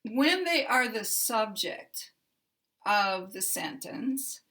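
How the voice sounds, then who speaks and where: A woman teaching English pronunciation, explaining sentence stress in a careful, measured way. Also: a little high, lively intonation, pushed and bright. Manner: careful, measured delivery stressing words for demonstration. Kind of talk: slow, deliberate instructional explanation.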